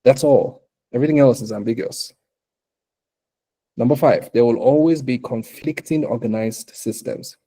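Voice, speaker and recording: A man from Africa speaks to a bootcamp of would-be entrepreneurs with a very dark, mellow tone at a middling pitch. He is animated, often breaks into laughter and acts out little quoted dialogues. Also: moderate pace, breathy edge. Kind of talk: motivational talk to entrepreneurs.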